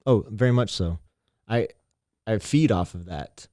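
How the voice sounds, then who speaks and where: A man's voice: on the low side, a little slow, mellow, no room sound, clean studio sound. A man, a teacher and mentor, talking earnestly and reflectively in a casual interview, often repeating himself. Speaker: teacher and mentor, podcast guest.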